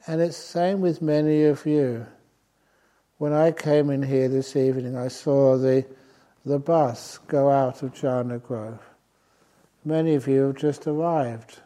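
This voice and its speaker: Slow, mellow older male meditation teacher. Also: medium pitch, steady tone. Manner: gentle, humorous storytelling with soft chuckles. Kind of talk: dharma talk. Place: retreat centre meditation hall.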